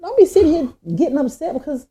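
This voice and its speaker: A woman co-hosting a podcast, talking in a casual, animated way and acting out quoted speech. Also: sits high, quick pace, a crowd in the background. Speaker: podcast co-host. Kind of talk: casual chat. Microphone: podcast microphone.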